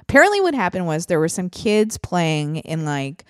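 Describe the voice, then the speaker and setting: A woman's voice: on the low side, sing-song, moderate pace, no room sound, studio quality. A woman hosting a podcast in casual chat, talking freely with frequent laughs and fillers. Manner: chatty, laughs often, lots of fillers. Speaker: podcast host.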